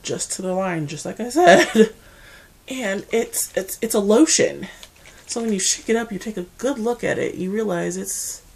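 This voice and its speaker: Chatty gravelly-voiced American woman. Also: mid-range voice, moderate pace. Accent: Mid-Atlantic American. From Mid-Atlantic United States. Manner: chatty, animated, asides and playful impressions. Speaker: beauty vlogger. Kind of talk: casual chat to camera.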